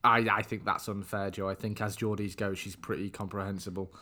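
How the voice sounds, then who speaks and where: A man's voice: lowish voice, level tone, a little fast, pushed and bright. A man hosting a casual podcast chat, joking and rambling with restarts. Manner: rambling, self-correcting, joking. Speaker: podcast host.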